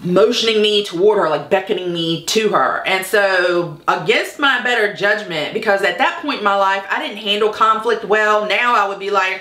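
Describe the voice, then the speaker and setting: A woman's voice: mid-range voice, moderate pace, few pauses, bright, forceful tone, roomy sound. A woman telling a personal story to the camera in a candid, blunt way, swearing freely. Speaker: vlogger. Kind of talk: casual storytelling.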